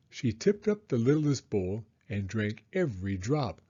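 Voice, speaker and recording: Guy reading a kids story out loud, slow and animated, kinda muffled audio. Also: fairly low pitch, breathy edge. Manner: expressive, unhurried storytelling. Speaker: storybook reader. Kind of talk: children's read-aloud.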